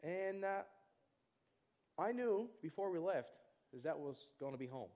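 A man preaching, telling a personal testimony in an animated storytelling way and acting out other people's voices. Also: on the high side, a little slow, muffled recording. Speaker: pastor. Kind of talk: testimony in a church sermon.

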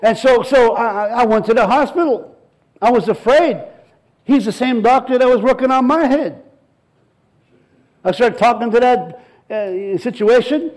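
Animated high-voiced male pastor. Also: moderate pace, pauses often, rough recording. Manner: animated storytelling, acts out dialogue, frequent repetitions. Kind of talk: sermon.

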